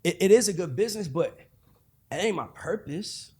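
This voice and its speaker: A man in his forties with an Atlanta accent, a guest telling stories in a casual, animated, profane way. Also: sits high, normal speed, husky. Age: 40s. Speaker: guest, music executive. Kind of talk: casual podcast conversation.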